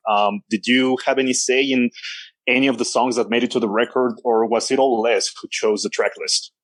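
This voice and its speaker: A man's voice: medium pitch, fairly even intonation, brisk, dry recording. A man asks long, careful questions in an ordinary mid-range voice. The sound is dry and close, with no room around it. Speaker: podcast co-host. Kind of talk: interview questions.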